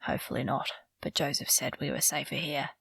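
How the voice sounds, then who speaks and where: A woman voicing a grim adult man who speaks in a low, exaggeratedly calm voice for a storybook. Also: brisk, creaky, breathy edge, heavily acted. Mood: calm, firm.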